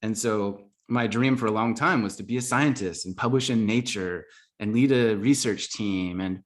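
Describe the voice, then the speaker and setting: A man with a lowish voice at normal speed tells his life story as a podcast guest. It's a casual storytelling interview, and he's earnest and reflective, saying "like" a lot.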